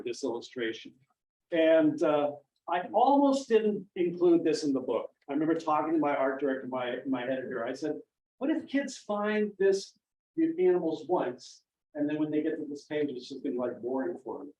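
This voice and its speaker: A man's voice: fairly high pitch, normal speed. A middle-aged man from Maine, a children's author telling stories to kids at a library and acting out the voices of the people he quotes. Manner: animated, acts out quoted voices. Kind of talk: storytelling talk to children and families. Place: library event room. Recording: dull, echoey room from far off.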